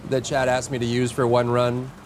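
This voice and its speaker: A man livestreams a game, talking his chat through it at a moderate pace over a faint hiss or hum. He's excitable, breaking into high yelps and mock insults whenever enemies show up.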